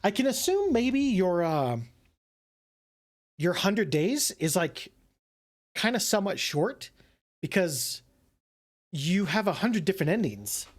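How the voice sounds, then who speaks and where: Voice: mid-range voice, sing-song, slow, long pauses. A streamer reading a visual novel aloud, chatting casually, swearing freely and yawning between lines.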